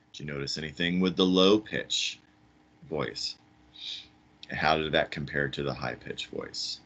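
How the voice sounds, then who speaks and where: Deep voiced guy teaching grade school science, chatty and upbeat. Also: unhurried, creaky, fairly bright tone. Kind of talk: science lesson for kids.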